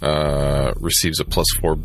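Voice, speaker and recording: A man's voice: a bass voice, little pitch movement, unhurried. A man playing a tabletop game, hesitant and unsure about the rules. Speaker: player.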